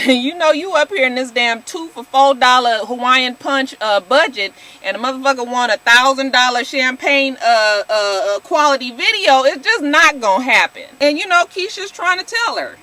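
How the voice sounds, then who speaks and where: A woman, talking high and bright with a lively pitch that swoops up and down. She recaps a reality show straight to her viewers, sassy and blunt, calling them y'all and swearing without a second thought. Her tone stays casual and opinionated throughout. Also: moderate pace, few pauses. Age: 40s.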